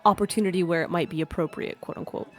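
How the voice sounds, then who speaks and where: A woman's voice: on the low side, fairly even intonation, fast talker, soft background music. A woman playing in a tabletop game, playful and chatty as she describes her character. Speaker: player.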